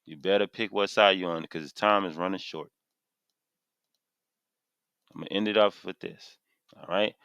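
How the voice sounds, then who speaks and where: A man's voice: low voice, steady tone, normal speed, pauses often, fairly bright tone, clear, resonant tone, dry recording, muffled recording. Fired-up preaching man, dry close sound. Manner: impassioned, preachy, reads verses aloud then repeats them with emphasis. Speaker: street preacher teaching scripture. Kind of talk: fiery scripture sermon to camera. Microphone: camera mic.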